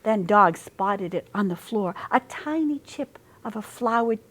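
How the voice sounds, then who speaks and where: Slow, lively-voiced woman reading a storybook. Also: mid-range voice. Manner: slow, expressive, sing-song rhymes. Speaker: storytime reader. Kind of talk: reading a picture book aloud.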